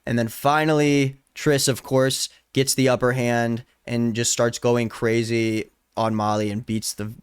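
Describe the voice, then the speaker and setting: A man's voice: medium pitch, flat delivery, a little slow, few pauses, smooth, no room sound, studio quality. A man in his twenties giving a casual, sarcastic and incredulous reaction to a novel he is reading. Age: 20s. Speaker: book reviewer. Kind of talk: casual book reaction vlog.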